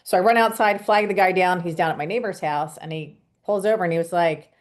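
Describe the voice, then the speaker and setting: Animated woman telling a story. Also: fairly low pitch, quick pace, hardly any pauses. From Pennsylvania. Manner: animated, acts out dialogue. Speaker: co-host coach. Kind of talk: casual storytelling.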